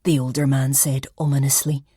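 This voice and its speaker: A woman reads a first-person mystery audiobook in a low, husky voice. She narrates softly and reflectively, often sinking toward a whisper. The recording is dry and close to the mic. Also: moderate pace, dry recording.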